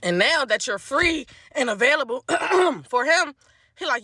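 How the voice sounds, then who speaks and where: Woman, casual storytime, exasperated, very lively pitch, bright tone. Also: unhurried, a little hiss or hum.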